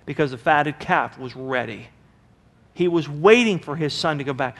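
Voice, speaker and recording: A man preaching a sermon as pastor, passionate and animated, acting out the people in his story. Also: fairly high pitch. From United States. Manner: impassioned preaching, acting out quoted voices.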